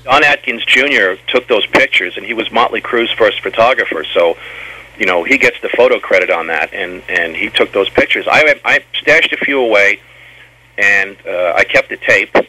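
Husky lowish guy rambling thru old band stories, keeps tripping over his words. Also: normal speed, bright, forceful tone, poor audio. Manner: rambling, stammers and repeats words. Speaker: former band member guest. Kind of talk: storytelling interview.

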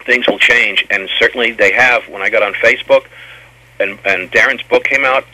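Husky, bright-toned man telling stories. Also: fairly low pitch, fairly even intonation, normal speed, low-quality recording. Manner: rambling, stammers and repeats words. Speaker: former band member guest. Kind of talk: storytelling interview.

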